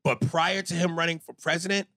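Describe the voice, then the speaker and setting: A man's voice: a little high, brisk, bright, forceful tone, no echo, clean studio sound. A man co-hosting a podcast in casual discussion, telling a story with animation and acting out quotes. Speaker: podcast co-host.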